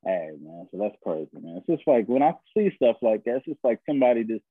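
A man's voice: on the low side, sing-song, quick pace, breathy edge, no room sound. Rambling man on a tinny line. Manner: rambling, laid-back, profane. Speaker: podcast co-host. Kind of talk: casual opinionated chat.

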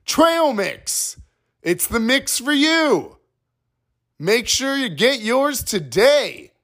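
A man's voice: very high-pitched, sing-song, drawn-out words, a bit bright, voice pushed up, heavily acted. A man doing a chirpy mock ad announcer. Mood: mock-upbeat. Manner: sing-song mock commercial delivery. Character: chirpy male ad announcer, over-eager.

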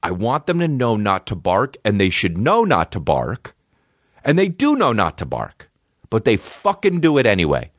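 A low-pitched man hosts a casual podcast from his home, cursing freely as he rambles and restarts his sentences. His delivery is lively, with pitch leaping high and low, and the recording is close and dry. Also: moderate pace, no echo. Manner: profane, animated, rambling with many restarts. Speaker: podcast host. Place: at home, dogs nearby. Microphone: podcast microphone.

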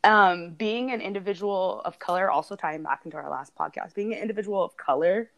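A woman's voice: medium pitch, a little fast, creaky. A woman co-hosting a podcast, talking in a casual, earnest and heartfelt way, often laughing as she speaks. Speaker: podcast co-host.

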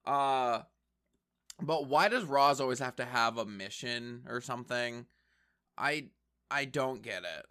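This man's medium-pitched voice is bright, forceful, and smooth, and he takes his time, leaving long pauses. As a reaction commentator, he gives casual, joking commentary on a show and talks back at the screen.

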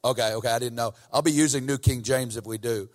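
At a quick pace and with fairly even intonation, a medium-pitched man delivers a sermon as a guest preacher. The church sanctuary adds hall reverb as he moves from casual talk to fervent emphasis.

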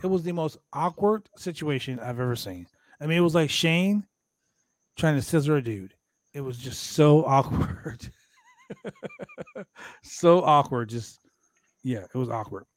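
A man hosting a casual wrestling recap show, talking in an animated, profane way and acting out quotes from the show. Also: on the high side, a little slow, pauses often, no room sound. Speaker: podcast host recapping wrestling.

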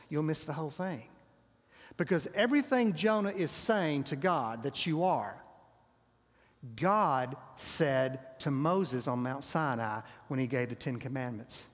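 A man's voice: fairly high pitch, expressive, unhurried. A man preaching a sermon, telling a story and often dropping his voice to a near whisper. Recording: long reverb of a large hall.

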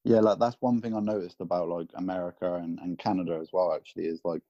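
English guy from the south, super low mellow voice, relaxed chat full of likes and ums, dull lo-fi sound. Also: quick pace, no echo. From England. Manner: relaxed, many fillers, acts out quotes. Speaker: podcast guest. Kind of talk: casual chat. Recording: dull, lo-fi call audio.

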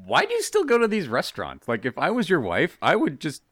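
Bright-toned joking man, dry sound. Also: on the high side, wildly swooping pitch, a little fast, no room sound. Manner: jokey, laughs a lot, does silly voices. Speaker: podcast co-host. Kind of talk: casual chat.

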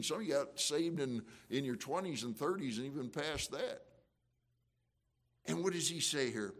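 Fervent folksy male preacher. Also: medium pitch. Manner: fervent, conversational preaching with emotional surges; frequent restarts and folksy asides. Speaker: pastor. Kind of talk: sermon.

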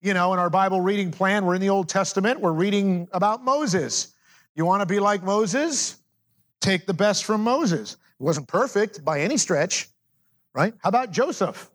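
A middle-aged man preaching a sermon as pastor, moving between loud emphatic declarations and quiet low asides. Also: animated, moderate pace.

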